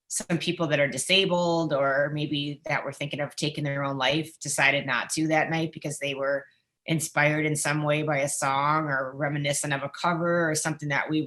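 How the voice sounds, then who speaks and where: Low-voiced, bright woman. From United States. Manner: animated, chatty, lots of "like". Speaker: guest, musician and former wrestling interviewer. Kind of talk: casual interview storytelling.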